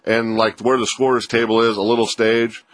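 A man's voice: mid-range voice, little pitch movement, normal speed, a bit bright, no echo. A man co-hosting a sports radio show, telling rambling, joking stories in casual banter.

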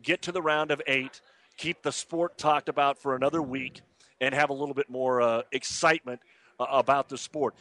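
A man's voice: fairly high pitch, a bit bright. A man hosting casual sports radio talk, opinionated and loose with lots of filler words. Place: outdoors at a golf course.

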